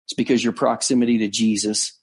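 A man, a pastor, telling a story in a conversational sermon, earnest, slowing down to stress key points. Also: fairly low pitch, level tone, slightly rough. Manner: earnest storytelling, frequent restarts and slowed emphasis. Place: on location abroad.

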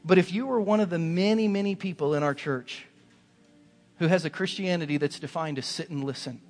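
A man preaching a Sunday sermon in a church sanctuary, his voice sitting a bit higher than most men's. He hammers points home through repeated, rising phrases, and each line rings out with a long reverb off the hall. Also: fairly quick, darkish tone, faint music behind. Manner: emphatic, building repetition. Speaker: pastor.

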